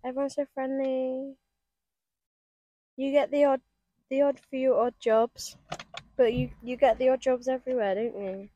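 A woman, a guest chatting casually on a podcast, bubbly and quick to laugh, swearing casually. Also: high-pitched, level tone, dark tone, highs cut off. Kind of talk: casual chat. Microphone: podcast mic.

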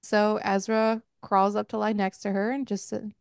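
A woman's voice: mid-range voice, little pitch movement, normal speed, creaky, clear, resonant tone, no room sound, studio quality. A woman hosting a podcast, casually and frankly recapping a book with lots of filler words. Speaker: podcast host.

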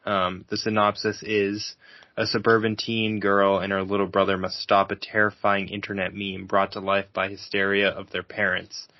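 A young man co-hosting a movie podcast, talking through movie news in a relaxed way with many ums. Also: fairly low pitch, moderate pace, no echo. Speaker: podcast co-host. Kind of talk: casual chat. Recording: dull lo-fi sound.

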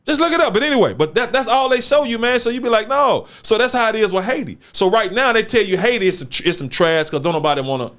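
A man's voice: high voice, animated, quick pace, few pauses, a bit bright. A man hosting a casual talk show, speaking emphatically in street slang and repeating words for stress. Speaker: show host. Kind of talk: casual chat.

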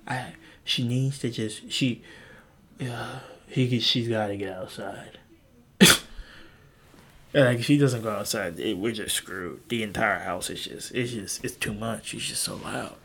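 A young man hosting a solo podcast from home, rambling crudely and mocking himself in an animated way. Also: fairly low pitch, measured pace, a little hiss or hum. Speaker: podcast host. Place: home with a loud family nearby.

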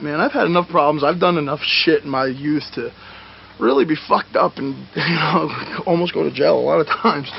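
A man telling stories from his wrestling days in a profane, animated shoot interview, acting out the moves as he talks. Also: fairly high pitch, brisk, vocal fry, lo-fi sound, slight background noise. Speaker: retired pro wrestler interviewed.

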